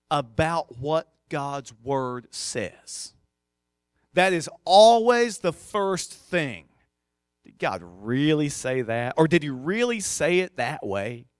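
A man preaching a sermon in a conversational, emphatic way, breaking off now and then for casual asides. His voice sits on the higher side and sounds smooth and resonant. The recording is dry and close. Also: dry recording. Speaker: pastor.

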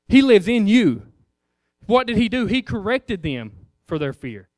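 A man's voice: high voice, big pitch swings, measured pace, darkish tone, no room sound, clean studio sound. A man preaching an informal sermon in a conversational way, firing rhetorical questions at the congregation.

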